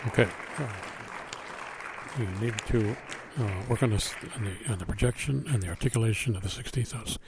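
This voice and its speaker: A man giving spoken feedback to a school band, singing out rhythms to show them, relaxed and halting with fillers. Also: lowish voice, a loud crowd, heavy background noise. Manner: sings out rhythms to demonstrate. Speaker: band adjudicator.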